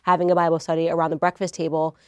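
A woman's voice: deep voice, little pitch movement, racing, no echo, studio quality. A woman from the United States, a guest in a conversational interview, talking in a confident, earnest and reflective way.

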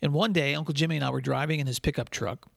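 A man hosting a podcast for school leaders, telling a story in an earnest, measured way. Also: a little high, gravelly, no room sound, studio quality. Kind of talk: scripted podcast monologue with storytelling.

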